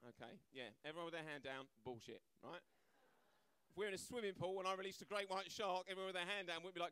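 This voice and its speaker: A brash man doing stand-up, rattling through his set at a fast clip with a fairly high voice. His sound is crisp and clean. The mic is close and dry. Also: pushed and bright, no echo. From Britain. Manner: brash, conversational, acts out voices, keeps asking "right?". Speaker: stand-up comedian. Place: comedy club stage, live audience.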